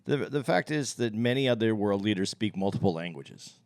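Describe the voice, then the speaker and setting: Low-voiced, opinionated male podcast co-host. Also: expressive, normal speed, creaky. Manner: opinionated, thinks aloud and circles back to his point. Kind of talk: casual podcast chat.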